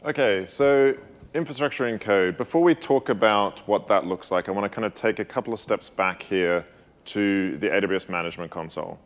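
A man with an Australian accent co-presents a technical session and explains concepts in a measured way. His voice sits a little on the low side, and he asks the audience questions as he goes. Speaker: conference co-presenter.

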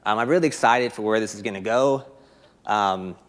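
A man with an American accent giving a fast, filler-laden technical conference talk while demoing code. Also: fairly low pitch. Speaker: conference presenter. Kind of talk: live coding demo talk.

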